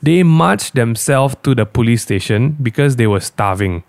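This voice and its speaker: A man's voice: mid-range voice, lively intonation, moderate pace, vocal fry, darkish tone, no room sound. A man co-hosting a casual podcast, speaking bluntly and animatedly with strong opinions. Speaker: podcast co-host.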